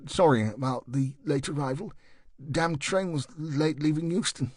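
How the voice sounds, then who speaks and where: A man voicing a nervous young male detective who speaks quietly with a cultured English accent and stammers. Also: fairly high pitch, moderate pace, no room sound, pitched above the performer's own voice, lightly acted.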